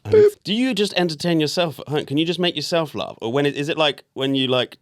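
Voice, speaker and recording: A man's voice: on the high side, quick pace, fairly bright tone, no room sound, studio quality. A man hosting a podcast, teasing and reading comedy prompts. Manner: giggly, teasing, reads prompts. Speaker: podcast host. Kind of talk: podcast chat.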